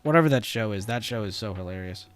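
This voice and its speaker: A man's voice: on the low side, animated, quick pace, faint music behind. A young man hosting a livestream, chatting casually and laughing easily in a laid-back, slangy way. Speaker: trading livestream host.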